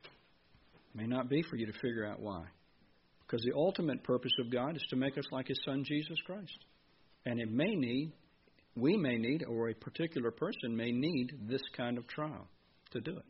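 A man's voice: mid-range voice, normal speed. Man, preacher, conversational sermon, dull lo-fi recording, faint hiss. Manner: conversational, asks the congregation questions.

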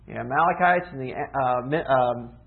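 A man's voice: medium pitch, vocal fry. Man preaching through a tinny line. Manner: earnest teaching, rhetorical questions, emphatic slowdowns. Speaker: pastor. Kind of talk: sermon. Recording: tinny phone-like sound.

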